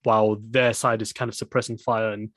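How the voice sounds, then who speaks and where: A man's voice: lowish voice, level tone, a little fast, fairly bright tone, dry recording, clean studio sound. A man casually discussing a film with a friend, rambling with many fillers and restarts.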